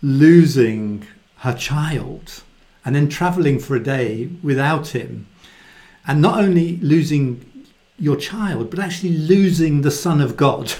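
A man giving a casual, animated Bible talk and often acting out the quoted voices in it. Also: fairly high pitch, slow pace. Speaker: Bible teacher. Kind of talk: conversational Bible teaching.

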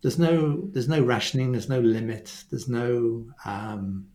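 A man in a mid range co-hosts a Christian webcast, with a gravelly, fry-tinged voice. He explains scripture and gives quoted words their own emphatic delivery. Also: medium pitch, unhurried. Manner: expressive, acts out quoted lines. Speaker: webcast co-host. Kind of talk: teaching faith conversation.

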